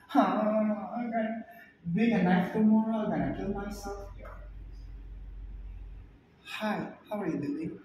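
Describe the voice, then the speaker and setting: A man teaching English to a class, loud and insistent, drilling the same points over and over and slowly calling on students to answer. He is recorded from far off in a very echoey classroom, with faint room noise behind him. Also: sits high, expressive. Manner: loud, emphatic, quizzes students and repeats points. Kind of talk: classroom lesson.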